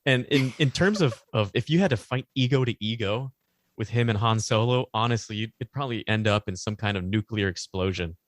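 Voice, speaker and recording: A man's voice: fairly low pitch, a little fast, no echo, clean studio sound. A man co-hosting a podcast, talking casually and rambling, often stopping to search for words and laughing along. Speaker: podcast co-host. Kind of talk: casual chat.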